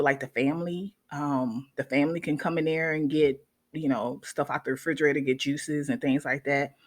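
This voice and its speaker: Chatting casually with her audience, a nurse tells an animated story in a low-sitting voice. She regularly stops to check in with the people watching.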